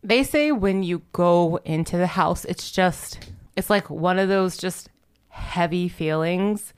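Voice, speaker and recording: A woman's voice: on the low side, takes it slowly, clean tone. A woman casually retelling a ghost story on a podcast, rambling and saying "like" constantly. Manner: rambling, heavy use of "like", giggly. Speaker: podcast host.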